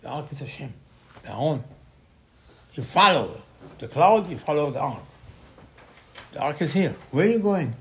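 A middle-aged man giving an animated Torah sermon, acting out quotes with sudden loud bursts. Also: on the high side, moderate pace, pauses often. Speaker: rabbi.

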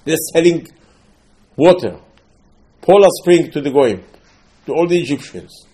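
A man leads a Torah class as a storyteller, with a mellow, darker tone. He sprinkles Hebrew terms through his English and swings from loud, emphatic bursts to low, quiet asides. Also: brisk. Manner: animated storytelling, swings between loud and soft. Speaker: religious teacher.

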